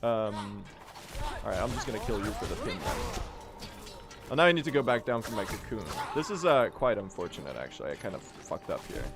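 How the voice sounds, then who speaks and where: A man's voice: fairly low pitch, sing-song, fairly quick, music in the background. A young man doing live, joking gameplay commentary as a speedrun streamer. He chats to his viewers and swears casually.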